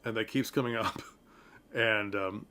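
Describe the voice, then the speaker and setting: A man's voice: on the low side, fairly even intonation, unhurried, bright, forceful tone. A man reviewing a stage play to camera in a casual, chatty way, with frequent ums and asides to his viewers.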